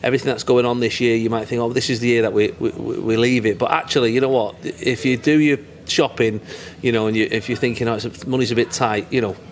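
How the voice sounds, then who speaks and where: A man's voice: mid-range voice, fairly even intonation, quick pace. Man, Mancunian accent, chatty comic guest, rambling and jokey. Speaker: comedian interview guest. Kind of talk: casual chat.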